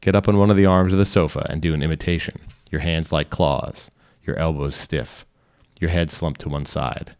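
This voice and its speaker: A man reading a short story aloud in calm, instructional second person. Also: extremely low pitch, normal speed, clear, resonant tone. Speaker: reader. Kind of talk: scripted narration.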